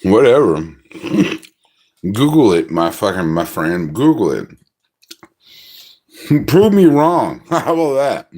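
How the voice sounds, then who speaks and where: A man's voice: on the low side, big pitch swings, slow pace, long pauses, a little mellow. A middle-aged man ranting profanely on a livestream, agitated and scoffing. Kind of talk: ranting monologue.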